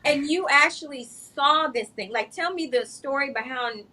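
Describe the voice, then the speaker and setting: A woman with a somewhat high, bright voice asks curious questions in a casual talk stream. Her phrasing is hesitant and trails off as she thinks. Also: normal speed. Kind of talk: casual chat.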